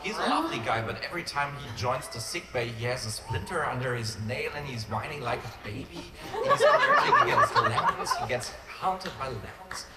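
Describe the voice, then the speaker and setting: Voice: medium pitch, wildly swooping pitch, moderate pace, hardly any pauses. Fan teasing from the floor. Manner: teasing, playful questioning. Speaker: fan asking a question at a convention. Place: large convention hall. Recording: echoey hall with loud background noise.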